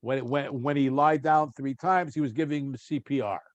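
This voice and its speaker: A man's voice: medium pitch, steady tone, normal speed, no room sound, lo-fi sound. A man teaching a Bible study class on a video call. He reads verses aloud in Hebrew, asks his students questions and prompts them to read. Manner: questioning, prompting readers, chatty asides.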